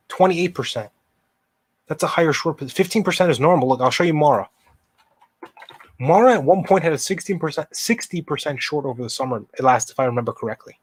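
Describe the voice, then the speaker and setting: A man's voice: medium pitch, no echo. Emphatic male stock livestream host, dry sound. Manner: impassioned, emphatic, warns viewers, reacts to chat. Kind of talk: live market commentary with charts.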